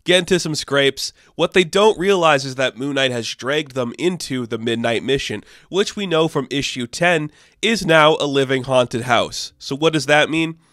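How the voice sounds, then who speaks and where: A man in mid pitch rambles through a comic recap in a loose, profane way, dropping "like" every few words. His voice sits dry and close, with no room sound around it. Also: moderate pace, few pauses, fairly bright tone, no echo. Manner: loose and profane, full of "like", acts out characters in passing. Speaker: comic book reviewer.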